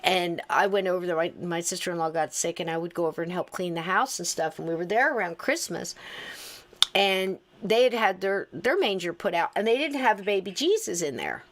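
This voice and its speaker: A middle-aged woman hosting a podcast, telling stories in a casual, animated way and laughing through them. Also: fairly low pitch, a little fast. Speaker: podcast host. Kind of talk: casual storytelling chat.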